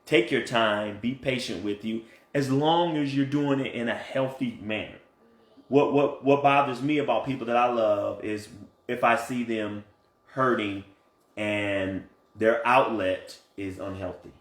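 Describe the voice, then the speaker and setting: A man coaching couples in casual talk, earnest and animated, often checking in with "right?". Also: mid-range voice, a little slow. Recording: echoey room.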